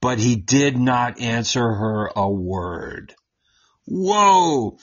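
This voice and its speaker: Animated husky man teaching the Bible. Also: mid-range voice, extremely slow, highs cut off. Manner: animated, keeps asking "right?" and laughs while explaining. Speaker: Bible teacher on a talk show.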